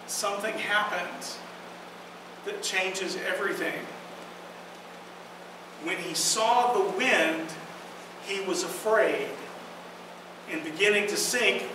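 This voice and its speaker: A woman pastor preaching a sermon in a church, earnest and emphatic, with slow dramatic pauses. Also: mid-range voice. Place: church sanctuary. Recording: echoey hall from far off, noisy.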